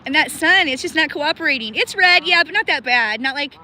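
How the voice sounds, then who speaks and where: A woman's voice: sits high, expressive, brisk, bright, forceful tone. A woman livestreaming from a cold river outdoors, chatting casually with viewers by name and laughing often, shivering with cold. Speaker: livestream host.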